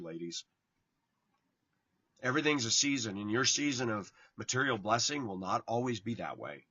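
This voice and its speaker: A man giving a blunt, informal sermon to his online viewers, tired and yawning, his voice swinging from loud to hushed. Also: mid-range voice, no room sound, muffled recording. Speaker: online preacher.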